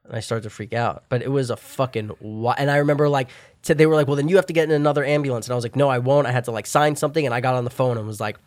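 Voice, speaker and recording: A young man tells a rambling story in casual chat, cursing constantly and yelling out his own past lines. His voice sits at an ordinary middle pitch. The room sounds dry and close. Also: racing, dry recording. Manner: profane, rambling storytelling with loud acted-out shouts. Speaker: guest telling a story.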